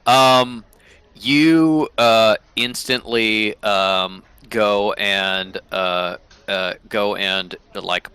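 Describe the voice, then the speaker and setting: A man's voice: on the low side, steady tone, drawn-out words, pushed and bright, clean tone, dry recording. A man narrating as game master of a tabletop role-playing game, hesitant and full of fillers, laughing at his own jokes.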